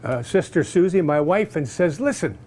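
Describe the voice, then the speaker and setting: Animated man telling a story. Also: fairly high pitch, normal speed. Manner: animated, acts out other people's voices. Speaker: customer giving a testimonial. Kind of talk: casual spoken storytelling.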